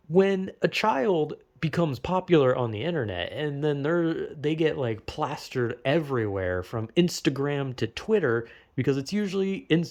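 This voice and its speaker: A young man delivering a loose, unscripted commentary, full of swearing and restarts. His voice sits a little higher than most men's, and he rambles between points with a casual, offhand manner. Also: a little mellow. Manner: profane, rambling, self-interrupting with laughs. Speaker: video essayist.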